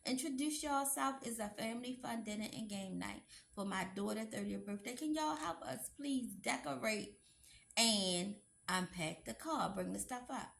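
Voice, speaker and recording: A woman's voice: fairly high pitch, normal speed, vocal fry, a bit bright. A woman, telling a story to her viewers in a chatty, emphatic way. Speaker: vlogger.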